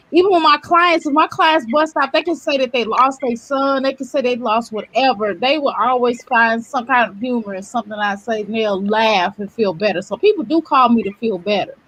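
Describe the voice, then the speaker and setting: High-voiced woman telling animated stories. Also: normal speed, hardly any pauses. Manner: animated storyteller who acts out quotes. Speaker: guest with counseling clients. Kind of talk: casual radio talk.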